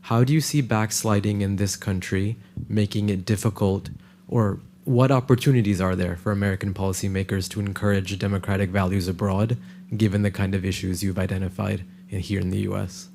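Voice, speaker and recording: A man's voice: on the low side, steady tone, brisk, creaky, darkish tone, slight background noise. A man from the audience asking a prepared question at a panel, speaking steadily. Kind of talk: formal question from the floor.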